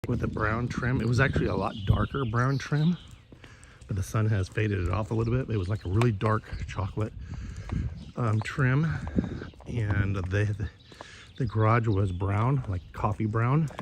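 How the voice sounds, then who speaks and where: A male vlogger with a lowish voice walks around his neighborhood outdoors, chatting casually. He rambles, swears, and gossips about the neighbors, with background noise in the recording.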